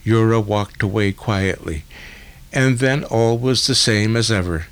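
Low-voiced guy reading a novel aloud, slow and deliberate. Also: smooth. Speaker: audiobook narrator. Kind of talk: scripted literary narration.

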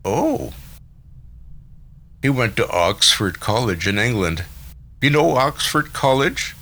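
A man's voice: medium pitch, sing-song, slow pace, fairly bright tone, full character voice. A man voicing a gloomy, sentimental old gangster who talks bluntly and earnestly in a storybook reading. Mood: admiring.

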